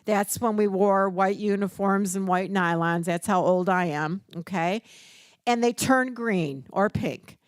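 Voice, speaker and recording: Older woman workshop presenter, unhurried, dry close sound, storyteller who acts out quotes. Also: medium pitch, clear, resonant tone, dry recording. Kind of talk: teaching workshop talk.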